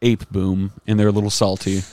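A man co-hosting a podcast, chatting casually and joking, with loose, drawn-out delivery. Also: lowish voice, little pitch movement, a little mellow, no room sound. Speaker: podcast co-host. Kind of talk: casual chat.

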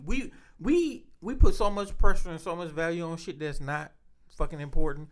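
A man's voice: on the high side, normal speed. Profane, slangy man chatting casually. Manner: loose, profane storytelling with slang. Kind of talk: casual chat.

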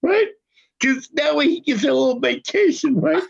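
A man's voice: extremely high pitch, moderate pace, gravelly. Older guy in his 60s spinning a swear-heavy story, keeps repeating himself, kinda dull lo-fi sound. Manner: profane, animated, repeats himself. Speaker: podcast guest. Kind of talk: casual storytelling. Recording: dull lo-fi podcast audio.

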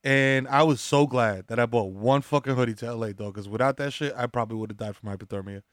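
A man's voice: medium pitch, fast talker, no room sound, clean studio sound. A man, a podcast co-host, trading jokes and laughing in casual chat. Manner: joking banter, laughs often.

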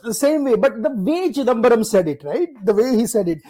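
A man's voice: extremely high pitch, sing-song, brisk, warm tone, low-quality recording. A man with an Indian accent hosting a casual podcast chat, slipping Hindi phrases into his talk. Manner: fluid, mixes in Hindi phrases. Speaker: podcast host.

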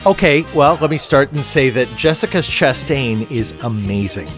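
A man's voice: mid-range voice, expressive, moderate pace, soft background music. A middle-aged man co-hosting a podcast, chatting casually and restarting his sentences often with many fillers. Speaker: podcast co-host. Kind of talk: casual chat.

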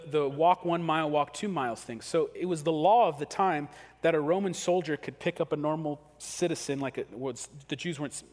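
Casual-talking preacher in a reverberant hall. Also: male voice, on the high side, darkish tone. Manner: conversational, acts out quick scenes. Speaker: pastor. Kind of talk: sermon.

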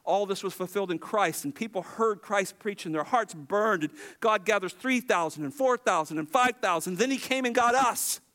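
A man with a high voice preaches a sermon to his congregation. He is animated and acts out the lines he quotes. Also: normal speed, hardly any pauses. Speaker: pastor.

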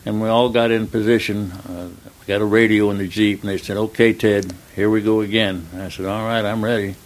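An older man, a retired stuntman, telling a long anecdote in an interview, acting out the dialogue in plain, relaxed speech. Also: lowish voice. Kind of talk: storytelling in an interview.

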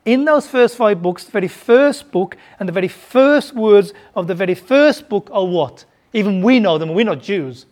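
A preacher from Birmingham, England, with a softened Birmingham accent, delivering a sermon and putting questions to the congregation, often repeating words while thinking. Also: medium pitch. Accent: softened Birmingham English.

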